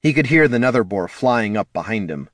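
A man narrating a fantasy audiobook in a measured storytelling manner. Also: on the low side, expressive, fairly bright tone, no echo, studio quality. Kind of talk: scripted narration.

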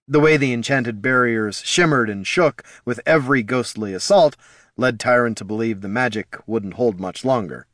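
A man narrating a fantasy audiobook in a lively, expressive storytelling manner. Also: medium pitch, no room sound, studio quality.

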